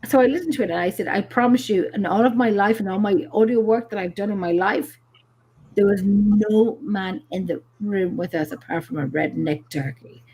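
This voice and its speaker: On a live show, a female paranormal investigator from Ireland spins casual stories with plenty of energy, fillers and curse words. She speaks at a normal speed in a medium pitch with a breathy edge.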